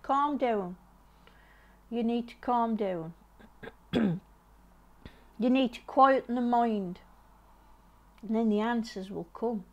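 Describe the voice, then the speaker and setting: Middle-aged woman giving gentle advice. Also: on the high side, slow, pauses often. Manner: repetitive, restarting, gently advising. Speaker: tarot reader. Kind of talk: casual tarot reading to camera.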